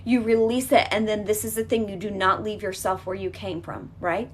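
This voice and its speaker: A woman guides listeners through a healing exercise at a mid-range pitch. She coaches emphatically, repeating her points, reassuring and direct. A faint hiss of noise sits under her voice. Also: fairly even intonation, moderate pace.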